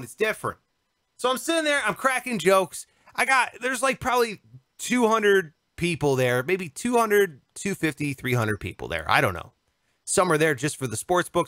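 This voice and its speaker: A young man co-hosting a podcast, telling a story in a casual, animated, joking way and acting out what people said. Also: high voice, no echo, studio quality. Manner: animated, jokey, acts out quotes. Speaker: podcast co-host.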